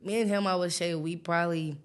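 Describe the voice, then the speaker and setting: A woman's voice: on the low side, fairly even intonation, a little fast, clean tone. A woman guest on a casual podcast, talking hesitantly and hedging with "probably" and "um".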